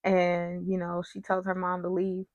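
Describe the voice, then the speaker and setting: A woman's voice: fairly low pitch, monotone, normal speed, a little mellow, no echo. A woman casually recapping a soap opera, chatty and opinionated, with frequent digressions.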